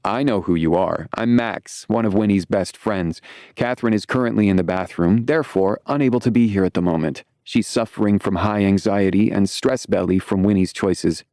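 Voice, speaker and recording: An excitable, flamboyant young man in his twenties gushes and teases with dramatic flair, as a male audiobook narrator puts him on. The voice sits clearly above the narrator's own and lands a little louder. It is read in a dry, close, dead-sounding space. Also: fairly low pitch, moderate pace, dry recording, pitched above the performer's own voice, natural voice. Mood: gushing. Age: 20s. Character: gushing flamboyant young man on a video call.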